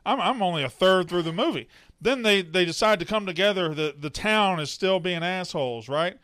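A man co-hosting a casual movie review chat, rambling and acting out scenes with loud impressions. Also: high voice, a little fast, no room sound, clean studio sound. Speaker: podcast co-host.

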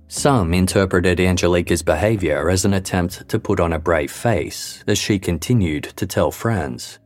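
A man giving scripted true-crime narration in a measured, even documentary delivery. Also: sits low. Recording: faint music bed underneath.

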